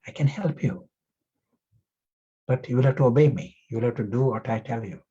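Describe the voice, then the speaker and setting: A man voicing God, calm and commanding. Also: medium pitch, brisk, slightly rough, muffled recording. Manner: calm, firm instructions.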